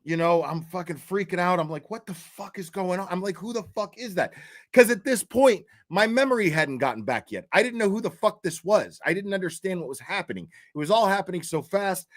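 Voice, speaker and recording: A man's voice: fairly high pitch, fairly bright tone. Profane rambling storyteller man in his fifties. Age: 50s. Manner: profane, rambling, keeps checking in with "right?". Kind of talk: casual storytelling.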